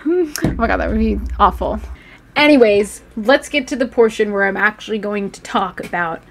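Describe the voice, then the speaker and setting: A woman's voice: mid-range voice, moderate pace, fairly bright tone. A woman in her thirties casually chatting on a live stream, reading viewer comments aloud, swearing freely and laughing often.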